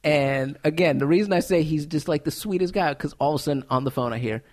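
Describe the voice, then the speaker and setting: A man who is a stand-up comedian, telling animated stories with laughs in a casual interview. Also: on the high side, fast. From United States.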